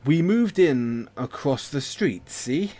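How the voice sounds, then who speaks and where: An overeager dad neighbor, raised and a touch higher than a plain speaking voice, as a man reads him aloud from a game. He pleads and pushes, his pitch rising and falling in lively swings. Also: takes it slowly. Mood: pleading. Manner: pushy and pleading, raised and bright. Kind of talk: reading a game character aloud.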